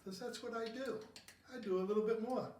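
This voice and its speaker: A man with a high, light voice rambles and jokes about himself while mixing a cocktail at home. He sits back from the microphone, so the kitchen's echo rings around his talk. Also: fairly even intonation, brisk, a little mellow, recorded from a distance. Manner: jokey, rambling, self-mocking. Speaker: cocktail show host. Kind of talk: casual home cocktail video. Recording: roomy, from off the mic.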